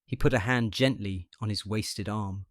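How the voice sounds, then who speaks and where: A man reading a short story aloud in a measured, unhurried storytelling manner. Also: on the low side, no echo, clean studio sound. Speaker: audiobook reader. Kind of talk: scripted narration of a short story.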